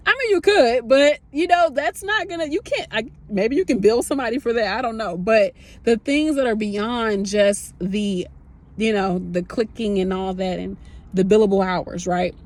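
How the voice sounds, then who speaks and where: A nurse in her thirties with a fairly high-pitched voice talks at normal speed to her phone camera as a vlogger. She speaks candidly and emotionally, in a rambling, casual way.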